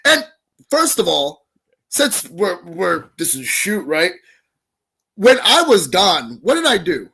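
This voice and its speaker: A man, a professional wrestler, cutting a heated in-character promo in an accusatory, shouting manner. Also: high-pitched, wildly swooping pitch, takes it slowly, vocal fry, slightly rough.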